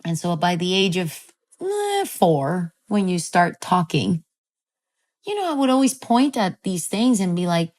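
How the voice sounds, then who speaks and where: A woman director, a guest on an interview show, telling a story in a casual, animated way, swearing freely and using many fillers. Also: fairly low pitch, unhurried.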